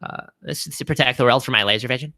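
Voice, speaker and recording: A man doing an impression of a fast-talking male political pundit, speaking very quickly in a clipped, debating tone. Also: medium pitch, bright, forceful tone. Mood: lecturing.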